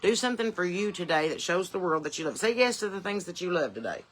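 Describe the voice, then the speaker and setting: A woman's voice: on the low side, lively intonation, quick pace. A woman with a Southern accent, hosting a podcast from her porch in blunt, folksy, profane chat, with chickens clucking nearby. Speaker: podcast host.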